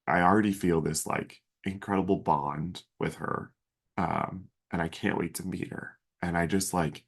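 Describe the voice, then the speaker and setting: A man's voice: low voice, creaky, husky. A man in his thirties hosting a podcast, telling a personal story in an earnest, emotional way with many fillers and restarts. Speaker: podcast host.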